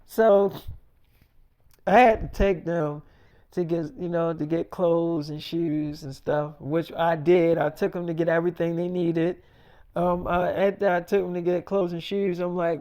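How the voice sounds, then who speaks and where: A man's voice: fairly high pitch, steady tone, a little slow, warm tone, clear, resonant tone. A man telling an improvised story in a casual, profane, rambling way and acting out the voices of the people in it.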